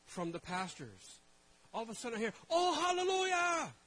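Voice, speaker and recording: A man preaching as a pastor, telling a story with animated shifts from hushed asides to loud outbursts. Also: sits high, a little fast, breathy edge, low-quality recording. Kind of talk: sermon storytelling.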